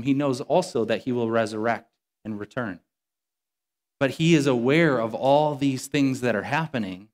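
Earnest male pastor preaching conversationally. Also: mid-range voice. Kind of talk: sermon.

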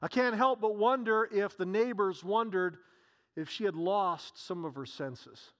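A man with a notably high voice delivers a sermon. He retells a scripture story, acting out its dialogue and posing question after question to his listeners. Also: measured pace, fairly bright tone. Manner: storytelling, acts out scenes, many rhetorical questions. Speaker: preacher.

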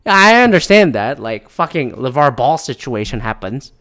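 A man's voice: mid-range voice, big pitch swings, moderate pace, sharp tone. Profane, heated man ranting. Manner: profane, heated, mimics others in mocking voices. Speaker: commentator. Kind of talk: ranting casual commentary.

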